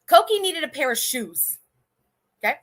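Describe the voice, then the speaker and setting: Woman in her 30s, livestream host, high and bright, blunt and foul-mouthed, rambling. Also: very animated, normal speed. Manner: blunt, profane and indignant, rambling with restarts. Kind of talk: casual livestream commentary.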